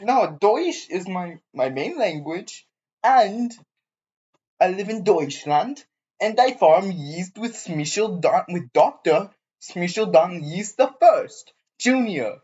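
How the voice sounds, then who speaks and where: A woman playing a bossy, silly German yeast farmer with a husky voice. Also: lowish voice, expressive, takes it slowly, dark tone, lo-fi sound. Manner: bossy, giggly.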